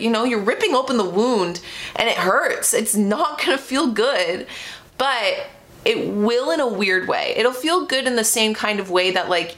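A woman's voice: medium pitch, a bit bright. Chatty young woman podcast host. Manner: chatty and earnest, heavy with fillers like "like". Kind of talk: casual solo life-advice talk.

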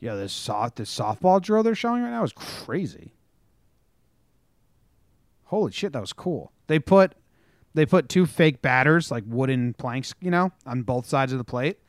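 A young man co-hosting a podcast in casual sports chat, talking in an animated, storytelling way and swearing freely. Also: medium pitch, measured pace, no echo, clean studio sound. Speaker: podcast co-host.

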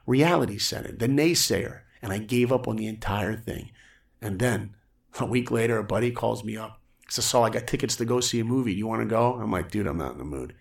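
A man telling a personal story on a podcast, energetic and acting out quotes from other people. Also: lowish voice, a little fast, vocal fry. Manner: energetic, acts out quotes in raised voices. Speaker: guest storyteller.

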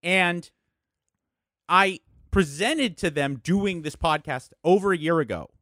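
Middle-aged male guest, lively swearing storyteller, dry close sound. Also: fairly high pitch, slow, no echo. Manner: animated storyteller, swears freely. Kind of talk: casual chat.

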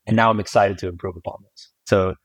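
A man's voice: low voice, fairly even intonation, fast, fairly bright tone, dry recording, low-quality recording. A man in his forties, a guest author talking candidly and reflectively in a casual podcast chat, often laughing. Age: 40s.

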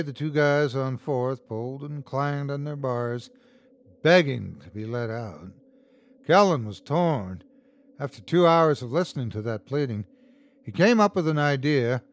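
A man reading a horror story aloud as host and narrator, tense and dramatic, shouting out the characters' lines. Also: mid-range voice, dry recording.

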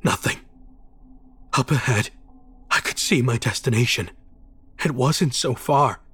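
A man's voice: medium pitch, a little slow, a bit bright, husky. A man reading a scripted first-person horror story aloud in a tense, dramatic manner. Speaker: narrator.

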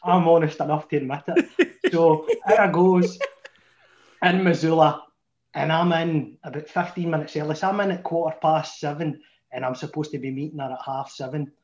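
A man's voice: fairly even intonation, moderate pace, a little mellow. A Scottish man in his thirties with a Glasgow accent, telling a long, sweary personal story to friends in a casual chat. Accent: Scottish, Glaswegian. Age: 30s. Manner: chatty, swearing, dropping to a low mutter for his inner thoughts. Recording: echoey room, muffled sound.

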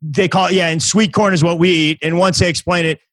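A man's voice: high voice, fairly even intonation, fairly quick, fairly bright tone, no echo, poor audio. A man, a comedian guest on a podcast, telling stories in a rambling, self-mocking way during casual chat.

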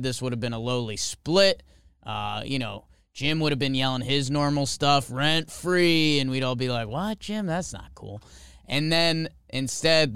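A man's voice: mid-range voice, a bit bright, smooth, no room sound, clean studio sound. A man co-hosting a sports podcast, presenting a joking award in casual, playful chat. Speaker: podcast co-host.

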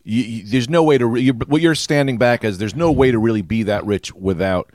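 A man's voice: mid-range voice, fairly quick, darkish tone, no room sound, studio quality. A man co-hosting a podcast, joking wryly and swearing in casual comedic chat. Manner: wry, joking, profane. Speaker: podcast co-host.

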